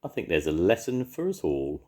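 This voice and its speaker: A man's voice: sits low, huge pitch swings, normal speed, darkish tone, breathy edge, exaggerated voice. An older man voicing a kindly male park keeper who fusses over the animals.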